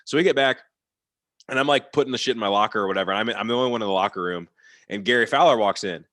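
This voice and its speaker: A man's voice: lowish voice, a bit bright, no room sound, clean studio sound. A young man telling stories as a podcast guest in casual chat, heavy on "like" and swearing. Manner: rapid, filler-heavy with frequent "like" and swearing. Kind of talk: casual storytelling.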